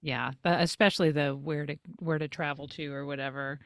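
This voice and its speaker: A woman co-hosting a podcast, telling stories in animated casual chat and jumping up in pitch when she quotes herself. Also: brisk, no room sound, clean studio sound. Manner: animated storyteller, jumps high when quoting herself. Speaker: podcast co-host.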